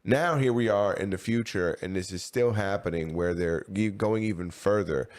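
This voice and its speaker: Low-pitched and somewhat dark in tone, this man speaks at a moderate pace while co-hosting a podcast. His casual chat rambles loosely, packed with slang and filler words.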